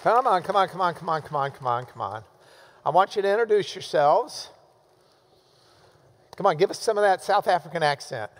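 High-voiced man teaching Bible class. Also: expressive, brisk, pauses often, big-room sound, some chatter behind. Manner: conversational, with frequent restarts and repetitions.

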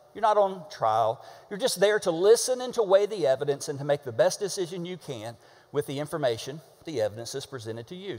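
A pastor preaching a sermon, animated and conversational, asking the congregation to repeat words with him and punching key words hard. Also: male voice, high voice, long reverb tail. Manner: animated, with sudden shouted emphasis and call-and-response.

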